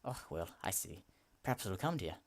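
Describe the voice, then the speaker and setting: A man's voice: low voice, very animated, brisk. A man voicing a friendly, boastful Norse god in a video game, speaking in a hearty, old-fashioned way. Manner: hearty, old-fashioned speech with "aye" and "lad".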